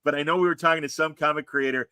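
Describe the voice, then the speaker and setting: A man's voice: fairly high pitch, fairly even intonation, very fast, pushed and bright, clear, resonant tone, dry recording. A man hosting a casual chat show, talking in a rambling way with lots of fillers and restarts. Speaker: host.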